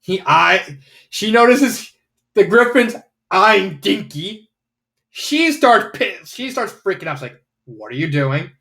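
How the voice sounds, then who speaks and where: A man's voice: high-pitched, expressive, takes it slowly, gravelly, pushed and bright. A man casually reviewing fanfiction, rambling with lots of fillers and the odd swear word.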